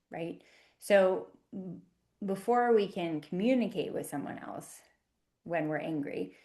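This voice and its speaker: A woman teaching in a gentle, conversational way, often checking in with asides. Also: lowish voice. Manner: gentle, conversational, many "you know" and "right?" asides. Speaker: communication teacher. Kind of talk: calm instructional talk to camera.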